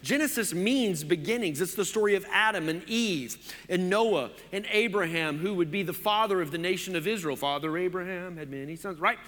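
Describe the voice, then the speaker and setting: A pastor from Oklahoma preaching a sermon in a chatty, joking way, full of casual fillers. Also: male voice, high voice, animated, normal speed, fairly bright tone, long reverb tail. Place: church.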